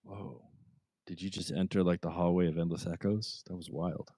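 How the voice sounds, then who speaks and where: A man's voice: deep voice, fairly even intonation, moderate pace, mellow, no echo, studio quality. A man joking easily while co-hosting a casual online community call. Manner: joking, easygoing.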